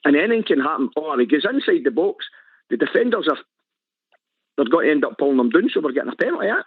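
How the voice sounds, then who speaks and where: A Scottish man hosting a radio phone-in, talking football in an animated way and tagging lines with "eh?". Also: on the high side, fast talker, slightly rough, no echo. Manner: animated, repeats himself, ends lines with "eh?". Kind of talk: casual phone-in chat. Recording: tinny phone-line sound.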